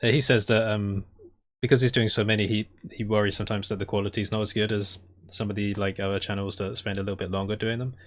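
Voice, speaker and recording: A man's voice: on the low side, flat delivery, fast. A man chatting casually, hesitating with many ums and uhs. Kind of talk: casual chat.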